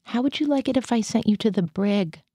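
A woman's voice: a little high, expressive, a little fast, warm tone, slightly rough, no echo. A woman reading the part of a skeptical male military psychiatrist who questions his patient in a probing, dry way. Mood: questioning.

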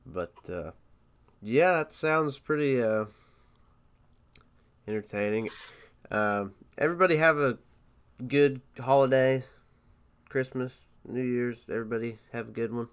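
A man hosts a casual chat podcast in a laid-back way. His voice is clear and smooth, at an ordinary pitch. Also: unhurried, pauses often. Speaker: podcast host.

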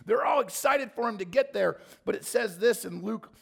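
A man preaching a sermon, swinging from quiet reflection to impassioned, near-shouted emphasis. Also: sits high, lively intonation, normal speed, vocal fry, slightly rough. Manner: impassioned, rising to near-shouting when voicing scripture. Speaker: pastor.

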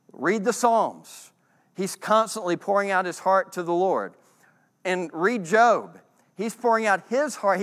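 A male preacher delivering a sermon with a fairly high voice. He swings between lively, higher acted-out quotes and low, hushed readings of scripture. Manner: animated, acts out quoted voices in a higher pitch; drops to a low quiet voice to read scripture. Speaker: pastor.

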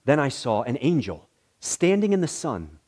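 Man pastor reading scripture aloud. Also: mid-range voice. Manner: measured, expressive reading with rising exclamations. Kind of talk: scripture reading in a worship service. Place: church sanctuary.

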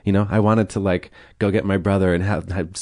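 This is a man with a deep, low-pitched voice, recorded in a dry setting with no room echo. He speaks frankly as a podcast guest. He tells a personal story, slips into quoted dialogue and breaks it up with uneasy laughter. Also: fairly even intonation, brisk, darkish tone. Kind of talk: candid interview storytelling.

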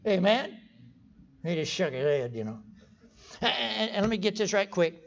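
Folksy older preacher, stammering. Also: male voice, sits high, sing-song, normal speed, creaky. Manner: folksy storytelling, stammering restarts, sudden emphatic outbursts. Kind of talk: folksy sermon. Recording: dull lo-fi sermon recording.

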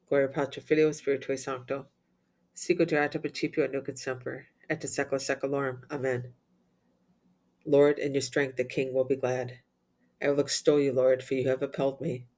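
A man reciting liturgical psalms and readings in a steady, measured chant, with occasional slips and restarts. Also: medium pitch. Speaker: prayer leader.

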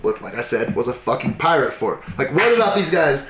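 A man's voice: medium pitch, sing-song, brisk, fairly bright tone. Tipsy man rambling through history, roomy echo. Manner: profane, rambling, acts out voices. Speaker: storyteller in casual chat. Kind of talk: casual drunken history chat.

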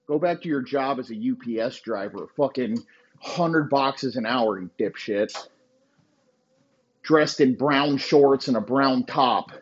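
A man's voice: mid-range voice, slow. A man hosting a podcast, delivering a crude, boastful, insulting comedic rant. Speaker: podcast host. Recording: dull lo-fi sound.

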